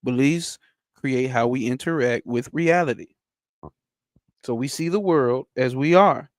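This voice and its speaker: A man teaching spirituality. He reads a text aloud slowly and breaks off into blunt, slangy asides with profanity for a live chat. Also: mid-range voice, no room sound, clean studio sound. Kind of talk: reading a text aloud and commenting on it.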